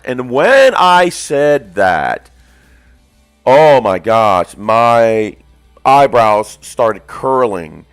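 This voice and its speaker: A man in his fifties chatting casually on a hobby stream, telling stories and acting out the quotes loudly. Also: medium pitch, drawn-out words, clean tone, no room sound, soft background music. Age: 50s. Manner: animated storyteller, acts out quotes loudly. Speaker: stream co-host. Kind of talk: casual chat.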